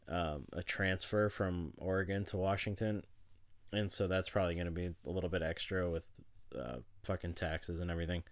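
A man's voice: deep voice, no room sound, clean studio sound. A man giving a casual, rambling personal update to the camera, swearing freely and chuckling as he goes. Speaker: vlogger.

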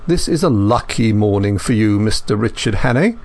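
A calm old mastermind speaks in a smooth, quietly threatening way, as a male narrator puts him on. He is a storybook villain with a polite, unhurried menace. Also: fairly low pitch. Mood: coolly menacing. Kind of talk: audiobook character voice.

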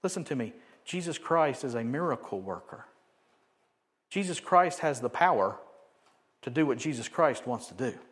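A man preaching a sermon, animated, swinging from loud emphatic bursts to quiet joking asides. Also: mid-range voice, moderate pace. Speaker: pastor.

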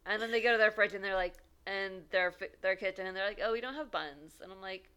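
A young woman co-hosting a podcast, telling a dating story in an animated way, laughing and acting out quotes. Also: mid-range voice, fast talker, smooth. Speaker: podcast co-host. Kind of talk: casual storytelling chat.

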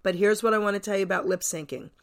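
A woman's voice: medium pitch, very fast. A woman from New Jersey hosting a radio show, telling stories in a chatty way with eager exclamations. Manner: chatty storyteller, enthusiastic exclamations. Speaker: radio host. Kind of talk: casual radio interview.

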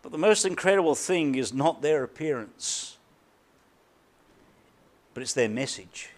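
A man with a high voice preaches a sermon from the pulpit. He leans hard on repeated words and lets key phrases sink to a near hush before rising again. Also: animated. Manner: emphatic preaching with deliberate repetition and dramatic drops in volume. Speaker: pastor.

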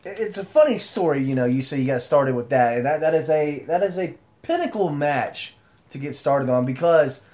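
A man's voice: a little high, animated, moderate pace, darkish tone. A man hosting a casual podcast interview. He asks his questions in an easygoing, conversational way. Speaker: podcast host.

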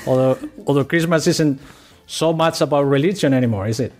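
A man's voice: mid-range voice, brisk, a little mellow. A man hosting a podcast, chatting casually with some hesitations. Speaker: podcast host. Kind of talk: casual chat.

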